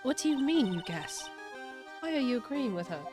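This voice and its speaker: A woman voicing an excitable teenage girl spirit medium while reading game dialogue aloud, squealing and childlike. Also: high-pitched, normal speed, over music, voice pushed up. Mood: alarmed.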